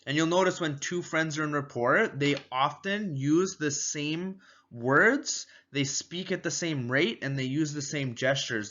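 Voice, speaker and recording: A man with a bright, forceful voice, a bit higher than most, teaching in a casual, energetic way. He keeps repeating his key points and now and then acts out quick exchanges. The audio is slightly dull and lo-fi. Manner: energetic, repetitive, acts out little door-step exchanges. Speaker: sales and marketing trainer.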